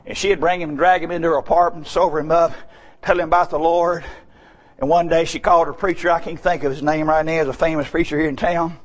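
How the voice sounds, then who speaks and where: A man preaching a sermon in church, telling folksy stories and shouting his key points with emphasis. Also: fairly high pitch, flat delivery, quick pace.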